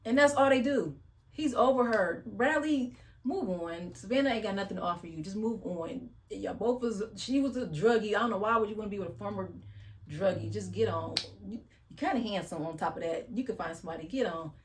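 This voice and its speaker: A woman's voice: mid-range voice, brisk. A woman giving a casual, blunt recap of a reality show, chatty and slangy, sighing as she retells scenes.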